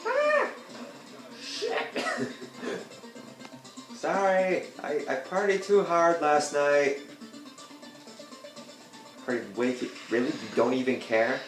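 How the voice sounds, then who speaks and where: Man hosting his own gameplay video: slow, rambling, goofy asides, sudden yelps; roomy sound with music under. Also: fairly high pitch. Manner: rambling, joking, with sudden loud outbursts. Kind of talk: casual gameplay commentary. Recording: echoey room with game music behind.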